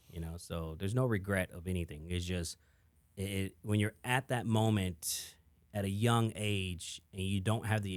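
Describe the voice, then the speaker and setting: Middle-aged san antonio guy on a podcast, lowish voice, keeps restarting and saying you know, dry close sound. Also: no echo. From San Antonio, Texas. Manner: frank, repeats words and restarts, many "you know"s. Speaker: podcast guest, event entrepreneur. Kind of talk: candid conversational interview.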